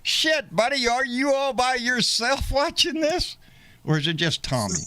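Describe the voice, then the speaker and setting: A man's voice: extremely high pitch, big pitch swings, unhurried, bright, forceful tone, clean tone, no echo. A middle-aged man, hosting a live show and angrily ranting, profane and taunting, hurling insults. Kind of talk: angry live-stream rant.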